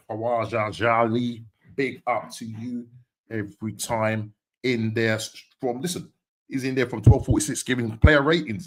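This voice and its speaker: A man's voice: on the low side, fairly bright tone. A man hosting a casual football podcast live stream, upbeat and chatty, repeating phrases and often laughing. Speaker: podcast host.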